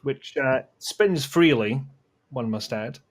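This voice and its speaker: A man's voice: medium pitch, slow. A man on a panel telling his idea in a dry, self-mocking way. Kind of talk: casual panel chat.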